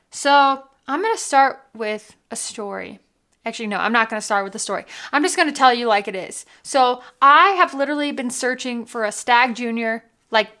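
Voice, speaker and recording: A woman with a fairly high, bright voice speaks in a forceful tone, and the recording is clean. She hosts a casual whiskey vlog from home, bubbly and gushing, constantly saying "like" and "literally."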